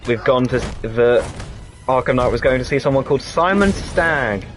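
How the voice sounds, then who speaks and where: A man's voice: mid-range voice, animated, normal speed, faint music behind. A man co-hosting a gaming stream, chatting casually and explaining the game's mechanics as he plays. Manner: rambling, explains game mechanics. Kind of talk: casual chat while playing a game.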